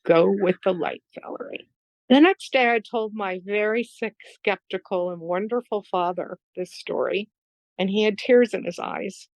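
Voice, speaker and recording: A woman's voice: mid-range voice, dry recording, low-quality recording. Earnest woman telling a story. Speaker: podcast guest. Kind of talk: storytelling in a conversation.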